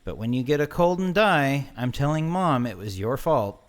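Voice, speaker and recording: A man's voice: mid-range voice, animated, moderate pace, pitched above the performer's own voice, close to an everyday voice. A man voicing a worried, exasperated young grandson pleading with his grandfather in an audio story.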